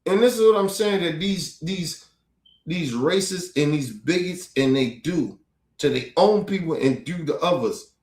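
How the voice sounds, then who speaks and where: Guy going off on a profane stream rant, lively swinging voice, echoey room. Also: on the high side, unhurried. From United States. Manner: profane, fired-up, repetitive. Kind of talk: heated commentary rant. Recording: roomy echo.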